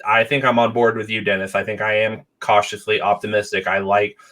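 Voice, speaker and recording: Male podcast host, low voice with a sharp edge, casual and agreeable. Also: a little fast. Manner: relaxed, agreeable, many short backchannels. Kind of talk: casual chat.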